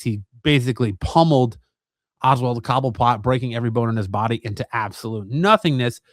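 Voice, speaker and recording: A man hosting a comic review channel, retelling a comic's plot in a relaxed, rambling way with lots of fillers. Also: mid-range voice, no echo, studio quality. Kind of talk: casual comic book recap.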